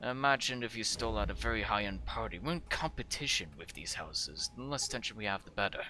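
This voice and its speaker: A man's voice: on the low side, animated, fast. A man playing a stern, weary father. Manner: scolding, then tired and hushed. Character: stern middle-aged male guild father, weary.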